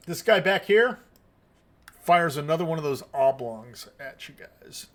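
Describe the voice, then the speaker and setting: A man narrating combat as game master of a tabletop game, in a deliberate, measured way. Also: a little high, lively intonation.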